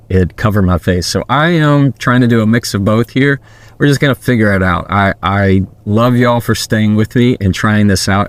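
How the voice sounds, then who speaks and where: A man's voice: on the low side, no room sound. A man, hosting a podcast and giving earnest, direct advice into a podcast microphone. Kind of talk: casual advice talk.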